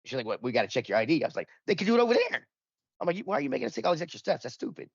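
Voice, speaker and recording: Fast-talking man telling a rambling story. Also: medium pitch, big pitch swings, husky, no room sound, highs cut off. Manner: rambling, profane, acts out quoted dialogue. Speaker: podcast panelist. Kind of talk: casual chat, anecdote.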